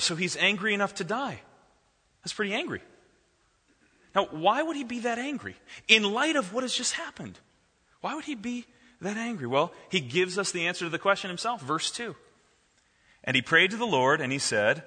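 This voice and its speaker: Animated male preacher in a reverberant hall. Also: high-pitched, husky. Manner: animated preaching, reads scripture slowly. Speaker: pastor. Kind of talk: sermon.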